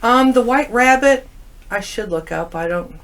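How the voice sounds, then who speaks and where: Her voice runs on the high side and her pace is measured. As a guest in relaxed chat, she tells lively stories and acts out the words of the people in them.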